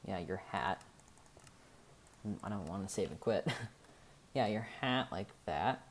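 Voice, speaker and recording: Slow, low-voiced man thinking aloud. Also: animated, slight background noise. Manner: thinking aloud, rambling, correcting himself. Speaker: game tutorial creator. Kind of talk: casual gameplay tutorial narration.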